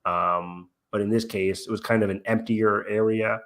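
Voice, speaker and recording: A man's voice: fairly low pitch, fairly even intonation, moderate pace, fairly bright tone. A young man co-hosting a casual review chat, rambling with lots of fillers and acting out lines he quotes. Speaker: podcast co-host.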